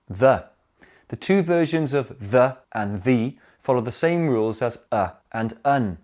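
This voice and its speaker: A man narrating a scripted English grammar lesson, explaining slowly and clearly and speaking his examples aloud. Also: mid-range voice, darkish tone. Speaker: English teacher.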